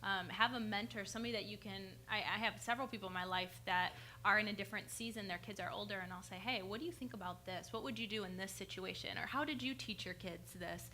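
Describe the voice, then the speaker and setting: A woman's voice: mid-range voice, quick pace, few pauses, bright, forceful tone, a little hiss or hum. A woman on a church panel giving practical, encouraging parenting advice.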